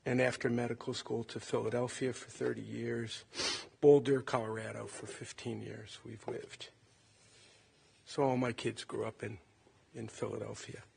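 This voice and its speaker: A man in his late sixties from Ohio, a son giving a halting, tender eulogy at a funeral. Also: mid-range voice, creaky, slightly rough. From Cleveland, Ohio. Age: 60s. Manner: halting, reflective, tender storytelling.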